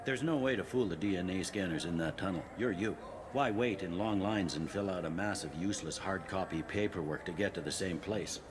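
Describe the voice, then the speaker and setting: A man gives voice to a pragmatic police captain in a video game, his voice deep and low. He talks gruffly and matter-of-factly, with no patience for paperwork. Steady noise sits under the game audio. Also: a little fast, natural voice. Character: blunt male station police captain, pragmatic.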